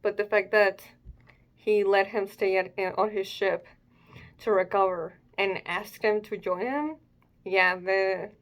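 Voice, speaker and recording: A woman's voice: medium pitch, fairly even intonation, slow pace. A young adult woman giving casual reaction commentary, thinking aloud hesitantly with fillers as she hosts her own video. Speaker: manga reaction host.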